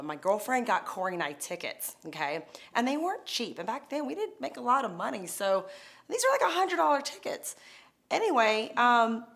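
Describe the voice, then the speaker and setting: A woman co-hosting a marriage lesson, telling a personal story in a casual, animated way and often laughing. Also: medium pitch. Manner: animated, laughing, acts out quotes. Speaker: co-host of a marriage course.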